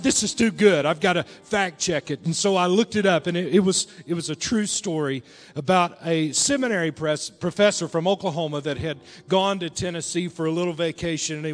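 A male pastor preaching a sermon, telling a story and dropping to a hush, then rising again. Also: a little high. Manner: storytelling, swings between hushed and raised. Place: large church hall. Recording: reverberant church hall with music.

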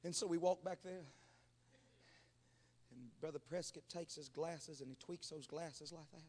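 A man's voice: fairly high pitch, measured pace, darkish tone, long reverb tail. A man preaching a Pentecostal revival sermon, telling stories and calling on the congregation to respond. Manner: storytelling preacher, calls on the congregation.

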